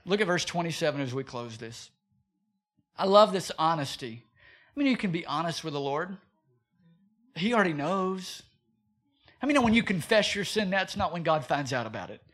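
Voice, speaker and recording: A man preaching a sermon as pastor, animated and full of rhetorical questions. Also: fairly high pitch, moderate pace, long pauses.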